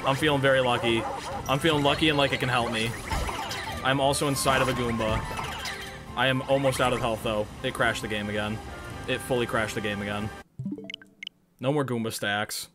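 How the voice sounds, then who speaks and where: An excitable man chats and jokes through a gaming livestream, cursing freely at an ordinary mid-range pitch. Game music plays clearly underneath his voice. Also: a little fast, long pauses. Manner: jokey, profane, excitable. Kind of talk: casual gaming livestream chat.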